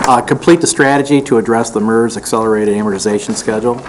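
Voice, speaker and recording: A county commissioner briskly reading out planning items during a meeting. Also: medium pitch, noisy background. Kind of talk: meeting discussion.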